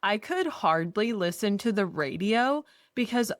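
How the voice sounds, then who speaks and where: A woman's voice: medium pitch, measured pace, no echo, clean studio sound. A woman in her thirties co-hosting a podcast, telling candid personal stories in a casual, self-deprecating chat. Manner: candid, animated storytelling with self-deprecating humor. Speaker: podcast co-host.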